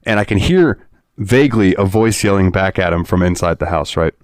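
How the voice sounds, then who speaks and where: A man's voice: low voice, expressive, a little fast, no room sound, clean studio sound. A man co-hosting a podcast, telling a rambling story in casual chat, laughing and swearing freely. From Florida. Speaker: podcast co-host.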